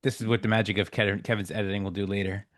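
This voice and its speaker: A man's voice: fairly low pitch, level tone, racing, no room sound, clean studio sound. A man co-hosting a podcast, asking questions in an easygoing, good-humored way. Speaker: podcast co-host. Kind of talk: casual interview chat.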